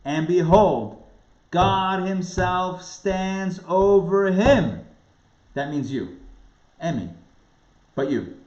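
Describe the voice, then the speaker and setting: Animated rabbi teaching in a roomy hall. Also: male voice, sits high, very slow, long pauses. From New York area. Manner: animated, emphatic, repeats words for stress. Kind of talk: lively lecture on a spiritual text. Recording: roomy, dull lo-fi sound.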